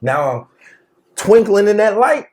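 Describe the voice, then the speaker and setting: A man telling a wild story in casual chat, slangy and animated, laughing often and acting out the quotes. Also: high-pitched, slow pace. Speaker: podcast co-host telling a story.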